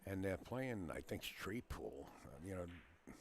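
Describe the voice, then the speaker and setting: Casual stream host, male, deep low voice, rambling chatty delivery. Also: lively intonation, slow pace, a little hiss or hum. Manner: chatty, rambling, greets viewers by name. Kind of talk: casual live-stream chat. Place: pool hall.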